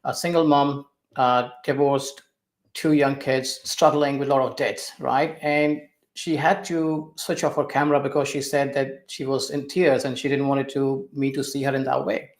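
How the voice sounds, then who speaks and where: Calm man in an echoey room. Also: medium pitch, normal speed. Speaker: finance coach. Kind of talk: conversational explanation. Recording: roomy echo.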